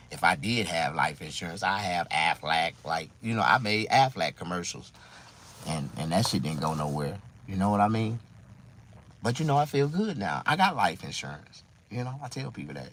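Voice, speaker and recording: A comedian man talking casually to his viewers, telling rambling, profane stories that swing between loud outbursts and low asides. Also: husky. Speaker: stand-up comedian. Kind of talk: casual monologue to camera.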